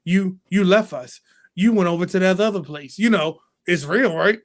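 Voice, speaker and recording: A man co-hosting a wrestling talk show, talking in an animated way and acting out fan reactions. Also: high voice, normal speed. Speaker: podcast co-host. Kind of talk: casual chat.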